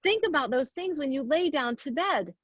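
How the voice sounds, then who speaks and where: A woman's voice: high voice, expressive, moderate pace, no room sound, muffled recording. A woman giving an earnest motivational talk, asking rhetorical questions and counting off her points. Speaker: speaker at a women's leadership event.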